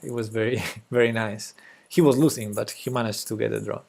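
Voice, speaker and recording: A young man with a Spanish accent, a native Spanish speaker, giving casual live-stream chess commentary in a hesitant way with fillers and soft laughs. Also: on the low side, fairly even intonation, fairly quick, vocal fry.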